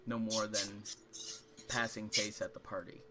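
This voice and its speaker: A man narrating as game master of a tabletop game, improvising with frequent ums and pauses. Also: on the low side, little pitch movement, pushed and bright, slight background noise.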